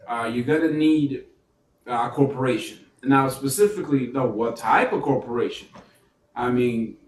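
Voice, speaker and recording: A man giving a casual, animated business funding lesson, firing rhetorical questions and restarting his sentences often. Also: mid-range voice. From New York. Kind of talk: casual teaching monologue. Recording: echoey room, mic at a distance.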